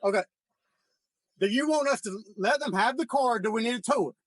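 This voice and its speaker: A man's voice: extremely high pitch, expressive, fairly quick, no echo, rough recording. A man working as a police officer, asking questions patiently and matter-of-factly into a body camera that is away from him. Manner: patient, repetitive, matter-of-fact. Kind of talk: procedural questioning.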